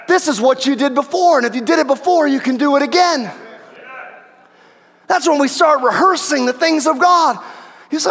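A man preaching a sermon as pastor, impassioned and rising to shouts. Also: extremely high pitch, lively intonation, brisk, big-room sound.

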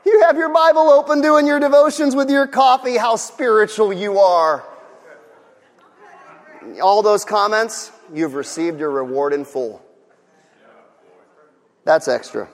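High-voiced, passionate preacher man. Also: measured pace, pauses often, long reverb tail. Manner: passionate, swings from quiet asides to shouting. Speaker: pastor. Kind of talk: sermon.

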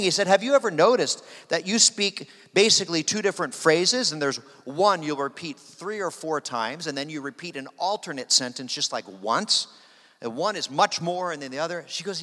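A man preaching, telling a long story with lively quoted voices for each person. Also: mid-range voice. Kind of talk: sermon storytelling. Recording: long hall reverb.

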